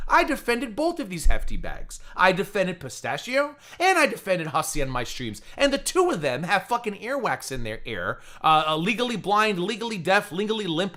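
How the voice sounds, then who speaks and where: A man's voice: high-pitched, bright, forceful tone. An American man hosting a livestream, talking in a profane, mocking and combative way. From United States. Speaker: livestream host. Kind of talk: heated livestream commentary.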